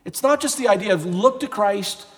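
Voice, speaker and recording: A man preaching a sermon, telling a story with rising energy and bursts of shouting. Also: sits high, lively intonation, moderate pace. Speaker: pastor. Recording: long hall reverb.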